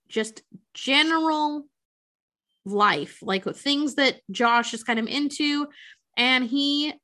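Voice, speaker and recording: A podcast co-host recaps a film in casual chat, retelling the story chattily with frequent swearing and acted-out quotes. Her voice is a little high, with a sharp tone.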